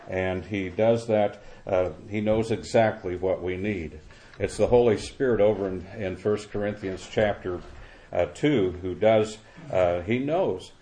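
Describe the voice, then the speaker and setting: An older man preaching a sermon, explaining a verse slowly and repeating key words with pauses. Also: fairly low pitch, warm tone. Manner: slow, repetitive expository preaching with pauses.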